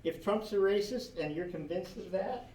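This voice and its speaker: A man's voice: high voice, animated, normal speed, a little mellow, slight background noise. A man teaching a history class, lecturing animatedly with rhetorical questions and chuckling asides, recorded from across a classroom. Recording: echoey classroom recorded from far off.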